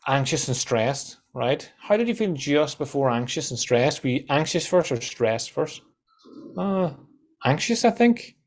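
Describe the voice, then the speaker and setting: A man, a guest on a podcast, telling animated stories and acting out quoted voices, with casual swearing. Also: fairly high pitch, measured pace. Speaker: guest, content coach.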